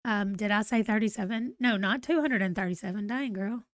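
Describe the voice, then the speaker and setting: A woman's voice: medium pitch, brisk, no room sound, studio quality. A middle-aged woman with a Southern US accent, chatting casually as she hosts a livestream and laughs at herself. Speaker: livestream host.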